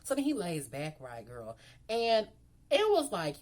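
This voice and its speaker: Chatty young woman, lively voice. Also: medium pitch, a little slow. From Memphis, Tennessee. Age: 20s. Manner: chatty, frank, heavy fillers. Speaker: vlogger. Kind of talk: storytime chat.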